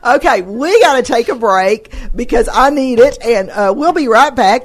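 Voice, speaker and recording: A woman hosting a radio talk show, chatty and quick to laugh with her guest. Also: a little high, expressive. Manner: friendly, chatty, laughs easily. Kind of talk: casual radio interview.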